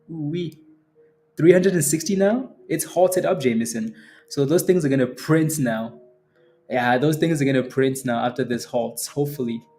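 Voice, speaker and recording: A man with a fairly high voice, hosting a stock trading livestream in a loose, joking way and laughing a lot. Faint music plays underneath him. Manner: joking, animated, laughs often. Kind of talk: casual livestream chat.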